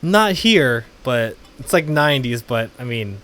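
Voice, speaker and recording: A man's voice: medium pitch, big pitch swings, unhurried, a bit bright. A man co-hosting a casual podcast, joking around, laughing and tripping over his words. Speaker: podcast co-host. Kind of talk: casual chat. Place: California.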